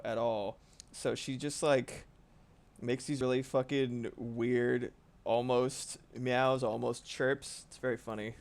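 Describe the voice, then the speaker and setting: A man's voice: mid-range voice, little pitch movement, slow, darkish tone. A man streaming casually while drawing, rambling and swearing freely with frequent laughs.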